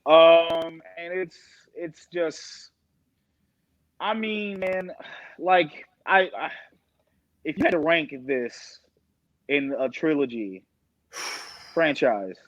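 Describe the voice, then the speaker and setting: A man guesting on a podcast, telling stories in a profane, excitable way. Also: fairly high pitch, very slow, long pauses, dry recording. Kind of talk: casual podcast chat. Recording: dull lo-fi dry mic.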